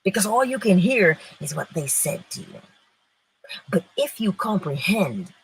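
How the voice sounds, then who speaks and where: A middle-aged woman giving an inspirational spiritual talk, expressive, moving between loud and hushed phrases. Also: medium pitch, measured pace, slightly rough, low-quality recording. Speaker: spiritual teacher.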